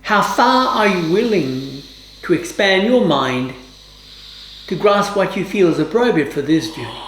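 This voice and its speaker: A woman yoga teacher giving calm, measured instructions with formal, old-fashioned phrasing during a guided class. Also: on the low side, a little hiss or hum. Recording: roomy, echoey room.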